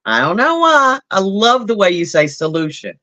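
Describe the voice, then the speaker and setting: A woman with a Southern US accent chatting on a livestream, effusive and expressive, laughing often. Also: medium pitch, moderate pace, no echo. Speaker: livestream guest. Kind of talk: casual livestream chat.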